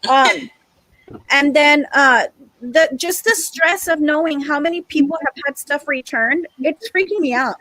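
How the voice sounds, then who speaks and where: A woman's voice: high voice, measured pace, sharp tone, dry recording, poor audio. A woman teacher speaking in a group meeting, exasperated and emphatic, repeating her points. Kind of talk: frustrated discussion in a group meeting.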